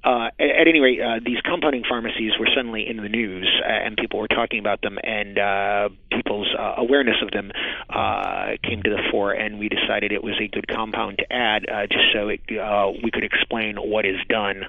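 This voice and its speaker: A man's voice: fairly low pitch, fairly even intonation, brisk. A man explaining dictionary entries in a radio interview, hesitant, with many fillers and restarts. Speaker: dictionary editor guest. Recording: phone line.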